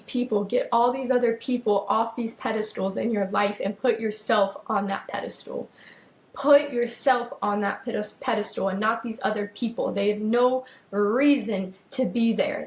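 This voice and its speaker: A woman's voice: mid-range voice, echoey room, poor audio. A young adult woman hosting a podcast, talking emphatically about self-worth, repeating phrases and speaking straight to her listeners. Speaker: podcast host. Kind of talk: personal monologue on self-worth.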